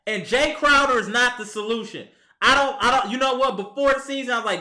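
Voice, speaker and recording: Talking a little fast, a sports vlogger with a high, bright voice fumes at his team in a heated, exasperated fan rant aimed straight at the players. A camera mic picks up his voice bouncing around an echoey room at home.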